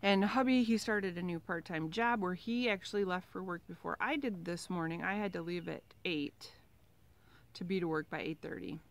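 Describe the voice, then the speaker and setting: A woman's voice: fairly low pitch, normal speed. A middle-aged woman chatting casually in a home vlog, rambling with asides and fillers from her kitchen. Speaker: vlogger. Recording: home video with outdoor noise and mower.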